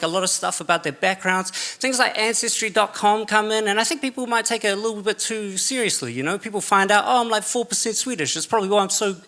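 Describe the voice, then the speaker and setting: Bright-voiced New Zealand man doing stand-up. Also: high voice. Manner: chatty, self-mocking, frequent filler "okay" and "you know". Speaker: stand-up comedian. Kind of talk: stand-up comedy set. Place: large theatre stage with audience. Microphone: stage microphone.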